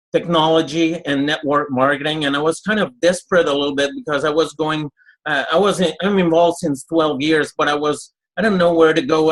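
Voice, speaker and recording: A man's voice: a little high, fairly bright tone, rough recording. Eager man with a French Canadian accent. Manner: grateful, eager, halting English. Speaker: panel guest. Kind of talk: webinar talk.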